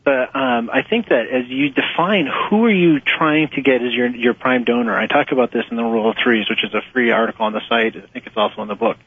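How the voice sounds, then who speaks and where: Husky man on a phone line. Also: medium pitch, fairly quick, few pauses, no echo. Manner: animated, laughs often, acts out quotes in a raised voice. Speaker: author and nonprofit fundraising guest. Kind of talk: conversational interview answers. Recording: muffled phone-line audio.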